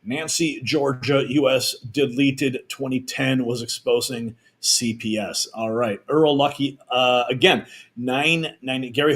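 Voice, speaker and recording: A man hosting a live political news stream, reading out viewer donations and messages in a chatty, energetic manner. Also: mid-range voice. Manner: energetic, chatty, reads viewer messages aloud with quick asides.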